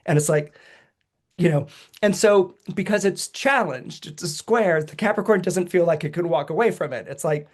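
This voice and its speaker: A man on a podcast explaining astrology in an animated way, chuckling often and acting out quoted voices with big jumps in pitch. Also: moderate pace.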